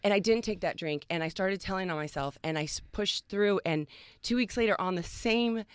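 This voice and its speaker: A woman guest on a radio talk show, telling a personal story in an animated way, with frequent restarts. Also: mid-range voice, fairly quick, clear, resonant tone. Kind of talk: casual chat. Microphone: studio mic.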